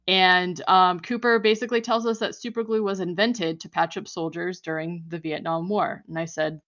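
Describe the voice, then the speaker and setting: A woman's voice: on the low side, fairly even intonation, moderate pace, fairly bright tone, lo-fi sound. A woman podcast host casually recapping a horror film, talking loosely with lots of fillers and frequent laughs. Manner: chatty, many fillers like "like", laughs often. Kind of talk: casual movie recap chat.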